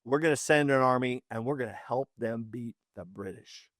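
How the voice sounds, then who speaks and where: A man's voice: medium pitch, normal speed, a bit bright, dry recording, studio quality, pitched below the performer's own voice, natural voice. A man voicing French onlookers who muse offhandedly about joining a fight, in his own plain voice. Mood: musing. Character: onlooking French allies weighing a move, musing.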